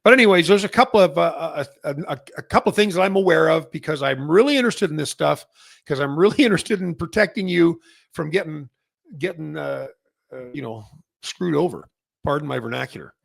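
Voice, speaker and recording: Middle-aged male host from Canada, gravelly tone, rambling chatty delivery, dry recording. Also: a little high, animated, a little fast, dry recording. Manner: rambling, many fillers and restarts. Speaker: massage chair retailer and host. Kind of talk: casual industry update monologue.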